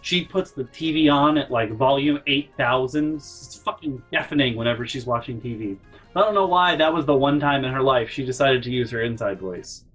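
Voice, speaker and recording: Rambling, swearing man telling a story. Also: medium pitch. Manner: rambling, profane, exasperated storytelling; animated, leaps into loud mock yells. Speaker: gaming channel host. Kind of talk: storytime over gameplay.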